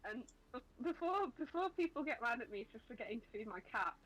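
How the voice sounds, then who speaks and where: A woman's voice: fairly high pitch, big pitch swings, a little fast, a bit bright, slight background noise, low-quality recording. A woman in casual chat while drawing, laid-back and swearing offhandedly. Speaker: artist co-host.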